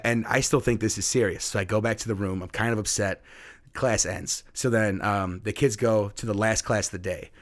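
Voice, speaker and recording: A man, a middle school teacher, telling a story in casual conversation, animated and acting out the voices of the people in it. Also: fairly low pitch. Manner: animated, acts out quoted voices.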